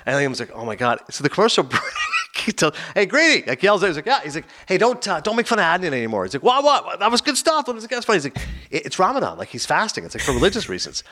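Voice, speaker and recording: A man co-hosting a casual podcast, quick and chatty. His voice sits a little high and swings up and down a lot as he tells stories. He slips into the voices of the people in his tales. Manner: animated storyteller, acts out quoted voices. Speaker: podcast co-host. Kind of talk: casual chat.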